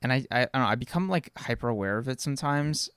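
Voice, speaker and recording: Gravelly dude on a podcast mic, dry close sound, swears a lot, keeps stammering and repeating himself. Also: male voice, mid-range voice, expressive, quick pace, a bit bright, dry recording. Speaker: podcast co-host. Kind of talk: casual chat reacting to live chat.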